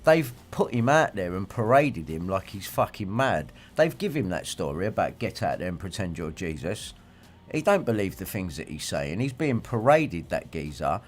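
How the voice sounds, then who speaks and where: A man's voice: lowish voice, sing-song, normal speed, hardly any pauses, a little hiss or hum. A man, ranting and swearing in a rambling livestream monologue and reacting to viewer comments. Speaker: livestream host.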